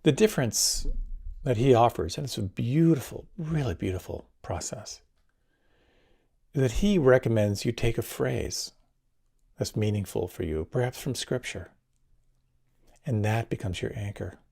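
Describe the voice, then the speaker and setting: A man giving a talk as a meditation teacher, leading a guided meditation in a gentle, unhurried, soft-spoken way. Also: mid-range voice, lively intonation, creaky, slightly rough.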